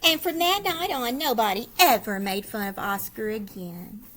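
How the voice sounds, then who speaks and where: A woman's voice: on the high side, normal speed, a bit bright, a little hiss or hum, rough recording. A woman reading a children's picture book aloud expressively, asking her listeners questions. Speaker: storyteller.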